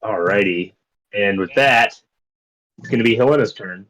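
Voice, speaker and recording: A man's voice: lowish voice, normal speed, a bit bright, rough recording. A man running a tabletop game as dungeon master, easygoing and full of fillers.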